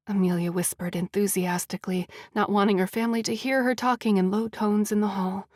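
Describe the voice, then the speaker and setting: A woman author narrating her own romance audiobook. She reads in an even, clear storytelling way into a close mic. The sound is dry with no room around it. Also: medium pitch, brisk, hardly any pauses, no room sound.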